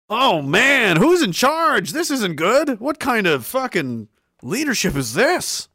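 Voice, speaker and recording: A man's voice: high-pitched, very animated, takes it slowly, pushed and bright, dry recording, studio quality. A young man ranting sarcastically and profanely, reading out chat messages as a streamer, often laughing. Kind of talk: ranting commentary.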